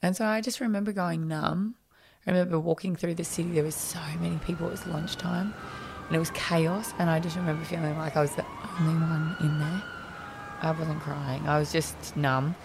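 Low gravelly Australian woman. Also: steady tone, fairly quick, noisy background. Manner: frank, conversational, reenacts dialogue with many fillers. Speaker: podcast guest. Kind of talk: candid personal storytelling.

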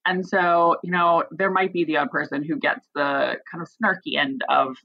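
Very low-voiced woman on a dull line. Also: steady tone, normal speed, gravelly. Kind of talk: casual conversation. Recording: dull lo-fi sound.

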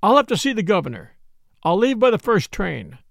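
A shaken, faltering sheriff from a storybook, voiced by a man reading. He stammers as he speaks, in a high, gravelly voice recorded close and dry. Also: sing-song, a little fast, no echo, heavily acted. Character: shaken, faltering male sheriff, middle-aged.

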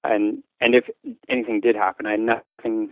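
A man from Newfoundland, Canada, recounting a frightening memory in casual speech, halting often with restarts and fillers. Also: lowish voice, flat delivery, phone-quality sound. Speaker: schoolteacher telling his story. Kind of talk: casual spoken recollection.

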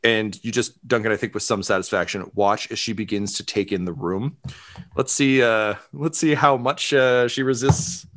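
A man's voice: lowish voice, normal speed, a bit bright. A man narrating as game master of a tabletop game, casual with many fillers. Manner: casual, filler-heavy, laughing.

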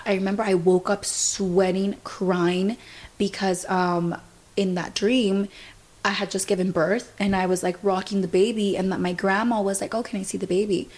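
Her voice is mid-range, level and a little mellow, moving at a moderate pace. This young woman, a podcast host, narrates a story casually and chattily, leaning heavily on "like" and acting out what happened through quoted dialogue.

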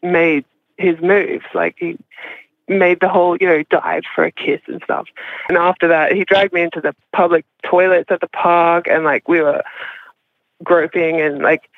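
A woman's voice: fairly low pitch, fairly even intonation, moderate pace, no room sound. A woman caller telling a personal story in a casual confessional way, rambling with lots of "like" and frequent laughter. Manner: rambling, heavy use of "like", laughs often. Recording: tinny phone line.

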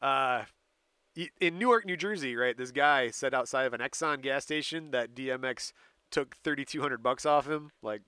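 A man's voice: mid-range voice, moderate pace, pushed and bright, clear, resonant tone, no echo. A man co-hosting a casual talk show, recounting a story date by date and laughing often. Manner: laughs often while recounting dates and events. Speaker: podcast co-host telling a story. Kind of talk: casual chat.

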